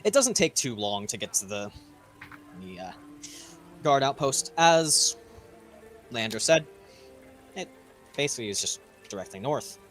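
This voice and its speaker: A man running a tabletop game as game master, narrating scenes vividly with sudden loud stresses. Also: mid-range voice, big pitch swings, unhurried, pauses often, soft background music.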